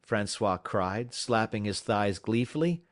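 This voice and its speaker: A man reading a novel aloud as an audiobook narrator, measured and dramatic, dropping low at tense moments. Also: lively intonation, no echo, studio quality.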